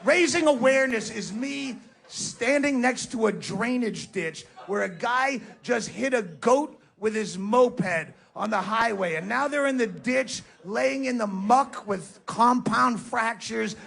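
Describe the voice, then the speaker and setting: A man's voice: extremely high pitch, creaky, fairly bright tone. A man doing a profane, sarcastic stand-up rant in front of a live audience. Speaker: stand-up comedian. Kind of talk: stand-up comedy set. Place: live comedy venue with audience. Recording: live stage recording with crowd.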